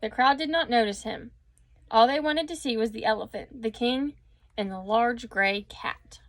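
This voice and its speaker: A woman reading a children's story aloud with expressive storytelling and a few small slips. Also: a little high, moderate pace, no echo.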